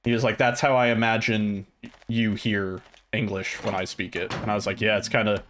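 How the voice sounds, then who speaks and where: A man's voice: fairly low pitch, little pitch movement, moderate pace, fairly bright tone, slight background noise. A man chatting casually and rambling while streaming a game, now and then swearing at it. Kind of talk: casual gameplay chat.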